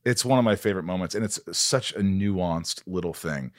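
A middle-aged man hosting a podcast in casual interview chat, animated and quick to laugh. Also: low voice, no room sound, clean studio sound. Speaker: podcast host.

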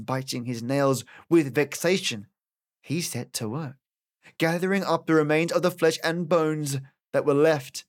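Aussie guy reading an old fairy tale, expressive and dramatic, mid-pitched voice. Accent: Australian. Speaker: audiobook narrator, podcast host. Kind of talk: storybook narration.

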